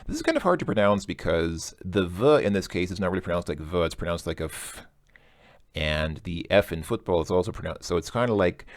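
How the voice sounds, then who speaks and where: A man's voice: sits low, no echo, studio quality. A man working through a language test aloud in a casual recorded lesson, hesitant and correcting himself as he goes.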